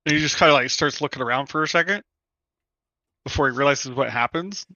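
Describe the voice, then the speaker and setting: A man playing a tabletop game, describing what his character does in a relaxed, halting way full of fillers. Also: mid-range voice, no room sound, dull audio. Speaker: player.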